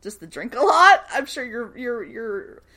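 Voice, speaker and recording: A young woman casually recapping a TV episode, animated and swearing freely as she acts out the characters' lines. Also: fairly high pitch, unhurried. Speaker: podcast co-host recapping a TV show. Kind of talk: casual chat.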